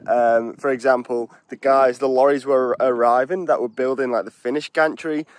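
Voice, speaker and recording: A young man, a cycling vlogger, chatting casually and excitedly to camera outdoors on hills. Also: medium pitch, normal speed. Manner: chatty, excitable, swears mildly. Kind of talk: casual vlog chat.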